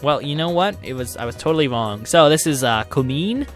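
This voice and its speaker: A young man hosting a let's play, reading game text aloud and joking around in an animated way. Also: a little high, music in the background. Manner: animated, jokey, quick to laugh.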